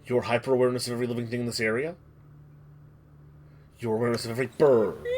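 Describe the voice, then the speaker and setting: This man's medium-pitched voice is level and somewhat dark, moving fast but pausing often. As the game master of a tabletop game, he dramatically describes scenes, asks for rolls, and keeps restarting as he tells the story.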